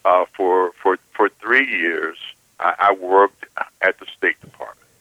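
Slow deep-voiced man with halting delivery. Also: narrow, tinny audio. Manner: halting, repeats words often. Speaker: guest. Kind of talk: political commentary.

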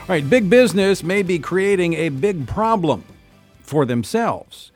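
A man's voice: sits high, expressive, measured pace, soft background music. A man hosting a talk radio show, delivering emphatic, indignant commentary and introducing a guest.

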